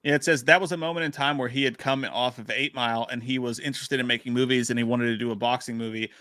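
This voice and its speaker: A man's voice: medium pitch, steady tone, quick pace, pushed and bright, no echo, clean studio sound. A man co-hosting a movie news livestream, reading news items aloud and reacting with laid-back, profane remarks. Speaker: podcast co-host reading the news. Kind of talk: casual livestream chat.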